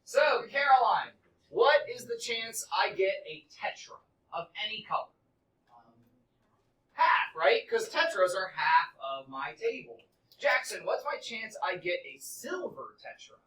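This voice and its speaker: A man's voice: sits high, big pitch swings, measured pace, bright, forceful tone. A man teaching a middle school math class, quizzing students in an upbeat, coaxing way. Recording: echoey classroom from far off.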